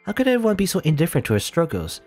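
Male gamer reading a story game aloud, animated and casual, soft music underneath. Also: a little high, rapid-fire. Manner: casual, chuckling asides. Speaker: let's play host. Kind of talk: reading a game's text aloud with asides.

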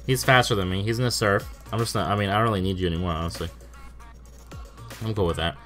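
A man's voice: on the low side, fairly even intonation, fast talker, fairly bright tone, faint music behind. A young man giving casual, profanity-laced commentary as he plays an online game, stammering and exclaiming in disbelief. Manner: swears often, stammers in bursts, exclaims in disbelief. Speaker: gaming YouTuber. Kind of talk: casual live commentary over gameplay.

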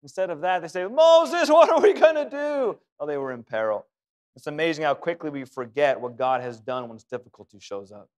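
A man's voice: high voice, fairly bright tone. A man preaching a sermon in a church, emphatic and given to repeating phrases for effect. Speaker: pastor.

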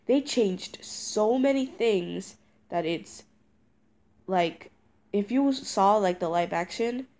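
A woman's voice: mid-range voice, animated, takes it slowly, darkish tone. A teenage girl vlogging with a stuffed-up voice from a cold, rambling indignantly with many ums and restarts. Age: teens. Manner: indignant ranting. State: congested from a cold. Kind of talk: casual talking-head review.

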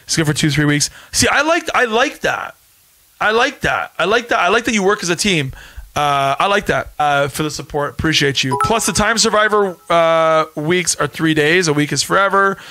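A man's voice: on the high side, expressive, normal speed, bright, forceful tone. A Canadian man in his thirties hosting a casual livestream podcast, talking emphatically, repeating his points and reading viewer comments. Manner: emphatic, repeats himself, insistent. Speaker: podcast host and former reality show contestant.

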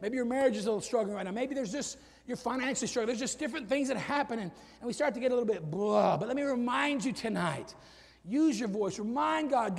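A middle-aged male pastor preaching a sermon, swinging from loud shouted peaks to low quiet asides. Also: animated, fast talker, gravelly, breathy edge. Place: church sanctuary with long reverb. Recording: reverberant church hall.

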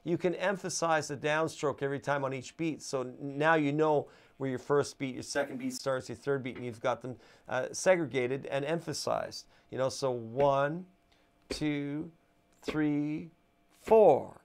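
Casual guitar teacher counting beats. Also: male voice, mid-range voice, moderate pace, few pauses. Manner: counts beats aloud while strumming, chatty with fillers. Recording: guitar playing loud behind voice. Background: acoustic guitar strumming.

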